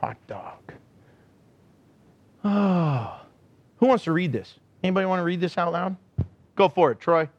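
A man preaching a sermon in a church, animated and joking, acting out the people he describes. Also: high voice, a little slow, pauses often, highs cut off. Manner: animated, acts out quotes, joking. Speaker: pastor.

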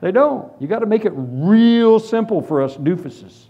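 A man's voice: sits high, moderate pace. Guy preaching, telling a funny story on himself, voice goes all over, kinda muffled lo-fi. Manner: animated, self-deprecating storytelling. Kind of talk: humorous sermon testimony. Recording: dull lo-fi recording.

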